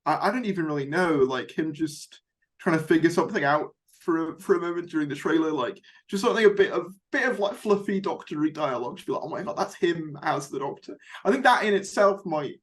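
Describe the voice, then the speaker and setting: Young male host, slightly high voice, loose rambling chat. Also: animated, fast. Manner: chatty, rambling with fillers. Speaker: YouTube host. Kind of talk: casual fan discussion.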